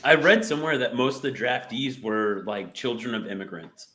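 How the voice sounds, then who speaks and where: A man's voice: mid-range voice, normal speed, pushed and bright, a little hiss or hum. A man rambling through an anecdote on a podcast, poking fun at himself. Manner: rambling, self-mocking anecdotes. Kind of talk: casual chat.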